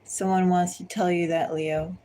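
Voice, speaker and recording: A woman giving a collective tarot reading, speaking slowly and deliberately and repeatedly addressing the listener by star sign. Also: fairly low pitch, little pitch movement, warm tone, slight background noise, rough recording. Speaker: tarot reader.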